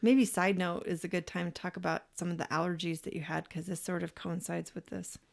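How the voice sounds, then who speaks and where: A woman's voice: fairly low pitch, fairly even intonation, brisk, creaky. A woman co-hosting a podcast, prompting her partner with supportive questions. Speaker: podcast co-host. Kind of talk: casual interview chat.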